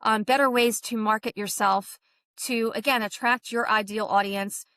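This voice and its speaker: A woman's voice: a little high, steady tone, moderate pace, sharp tone, no echo. Woman podcast host, enthusiastic and chatty, dry close mic. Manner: chatty, enthusiastic, laughs at herself. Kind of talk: podcast intro monologue.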